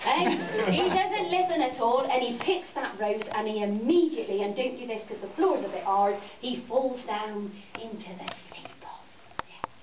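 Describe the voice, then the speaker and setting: At a farm venue, a woman whose voice runs on the high side tells children a story expressively and at moderate speed, using many tag questions to coax them playfully. The audio is echoey and distant, dull-sounding, with background noise in the roomy space.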